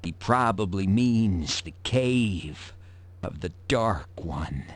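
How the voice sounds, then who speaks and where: A deadpan, sarcastic tavern regular. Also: male voice, low-pitched, slow pace, no room sound. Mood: sardonic. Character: sardonic middle-aged male tavern regular. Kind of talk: video game voice acting.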